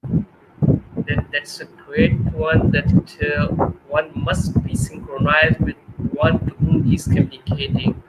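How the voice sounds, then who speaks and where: A man's voice: a little high, wildly swooping pitch, takes it slowly. A man hosting a podcast interview, asking questions hesitantly with many fillers. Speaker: podcast host. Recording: loud background noise.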